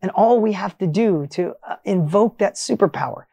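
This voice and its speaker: A man hosting a motivational podcast, telling a coaching story with emphatic energy that swings between loud highs and quiet asides. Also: expressive, moderate pace, gravelly, few pauses, no echo.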